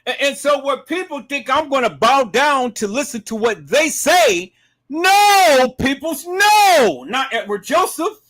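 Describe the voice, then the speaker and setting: A man hosting a live stream, giving emphatic commentary to his viewers, dropping to low murmurs and rising to shouted outbursts. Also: lively intonation, normal speed, few pauses. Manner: emphatic, repeatedly addresses viewers as "peoples".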